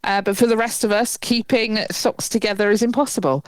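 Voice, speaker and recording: A woman's voice: medium pitch, fairly quick, no echo. Wry, laid-back woman podcaster, dry close sound. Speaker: podcast co-host. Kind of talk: casual chat.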